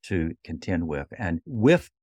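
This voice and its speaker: A man hosting a podcast interview, asking measured, reflective questions. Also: deep voice, sing-song, darkish tone, slightly rough, no echo. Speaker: podcast host.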